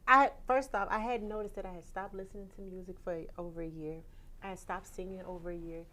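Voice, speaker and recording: A woman guest singer telling a story in a conversation, lively and animated, laughing often and acting out what people said. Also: mid-range voice, fast, slight background noise, rough recording.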